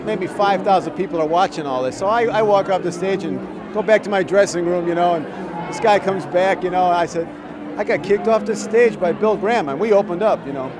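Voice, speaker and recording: A man with a fairly high voice tells a story in an interview, acting out the people he quotes. A loud crowd chatters around him at a busy venue. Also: brisk. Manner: animated storyteller, acts out quotes. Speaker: interviewee, musician. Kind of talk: casual interview anecdote. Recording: crowd noise behind.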